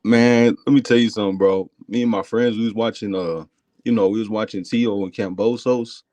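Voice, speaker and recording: A man calling in to chat about boxing, rambling and excitable with lots of fillers. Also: lowish voice, fairly quick, no echo. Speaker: caller. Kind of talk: casual phone-in chat.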